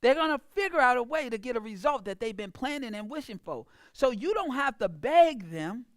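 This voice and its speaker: A woman's voice: on the high side, very animated, a little fast, dry recording, clean studio sound. A woman business coach giving an emphatic, preachy motivational talk about sales, speaking. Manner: emphatic, preachy, acts out clients in a mocking voice.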